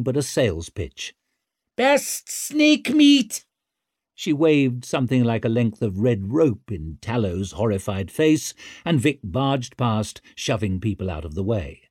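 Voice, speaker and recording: A man reading a fantasy novel aloud in a vivid, expressive storytelling manner. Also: mid-range voice, slightly rough, no echo, studio quality. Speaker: audiobook narrator. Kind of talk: scripted fantasy narration.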